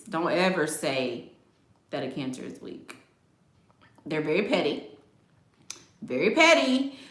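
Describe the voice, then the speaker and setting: A woman's voice: sits low, a bit bright, reverberant. A middle-aged woman hosting a casual chat, talking emphatically, repeating her points and laughing often. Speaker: astrology video host. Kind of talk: casual live chat reading comments.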